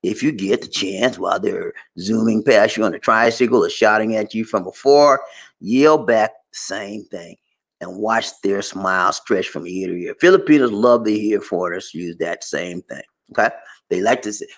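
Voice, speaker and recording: An American man giving casual advice in a vlog, telling animated stories and laughing often. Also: lowish voice, normal speed, creaky. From United States. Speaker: vlogger.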